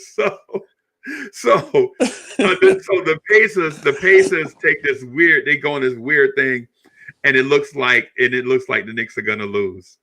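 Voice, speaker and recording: A middle-aged man hosting a podcast with a very bright, forward voice. He tells stories in an animated, chatty way. He laughs often and repeats words as he goes. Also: mid-range voice, unhurried. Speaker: podcast host. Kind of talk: casual storytelling chat.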